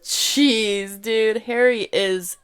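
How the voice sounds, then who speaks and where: A woman's voice: a little high, steady tone, extremely slow, smooth. A woman co-hosting a podcast, reacting to a story with wry, teasing remarks and frequent laughter. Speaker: podcast co-host.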